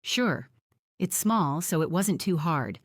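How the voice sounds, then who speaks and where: A woman voicing a gentle, chatty older grandmother in a wheelchair, read in an audiobook. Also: lowish voice, lively intonation, takes it slowly, no room sound, studio quality.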